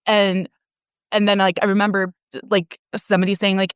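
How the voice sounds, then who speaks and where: A woman's voice: medium pitch, level tone, normal speed, clear, resonant tone, no echo, clean studio sound. A woman in her forties, a podcast guest telling her own story frankly, with frequent laughs and casual swearing. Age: 40s. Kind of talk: candid personal storytelling.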